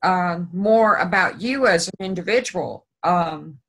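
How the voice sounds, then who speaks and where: Woman host, kinda low voice, lots of ums, feels her way through questions. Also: expressive, takes it slowly, fairly bright tone, low-quality recording. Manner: hesitant, many fillers and restarts. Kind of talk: casual interview.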